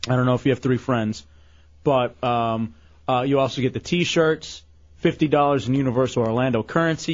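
A male radio host rambles through a prize giveaway in loose, joking banter, stumbling over his words now and then. His voice sits mid-pitch and comes through a dull, lo-fi broadcast sound. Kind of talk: casual morning-radio banter.

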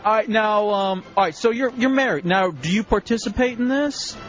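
A man's voice: high voice, moderate pace, a bit bright, muffled recording, soft background music. A male radio host doing loose, crude banter, teasing his guests and laughing often.

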